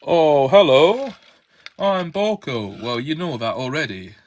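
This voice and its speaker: A man's voice: a little high, lively intonation, slow. A man voicing a cheerful, roly-poly male diesel engine who chats and jokes about himself. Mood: chatty. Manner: chatty, joking about himself.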